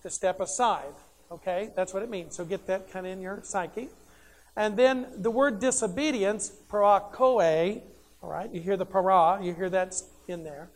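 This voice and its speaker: A man's voice: high voice, fairly even intonation, normal speed. Emphatic male preacher posing rhetorical questions. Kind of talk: sermon.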